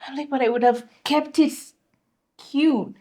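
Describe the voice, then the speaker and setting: A young woman chatting on a podcast, telling her story with animated energy. Her voice sits a little high, and she slips Swahili slang into her English. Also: a little slow. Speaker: podcast co-host. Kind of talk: casual chat.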